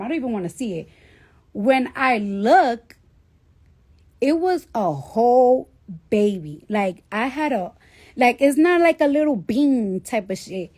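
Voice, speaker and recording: A woman in her thirties telling a story casually on a live stream, swearing freely and acting out the dialogue. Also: high voice. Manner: profane, animated storytelling with quoted dialogue. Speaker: livestreamer.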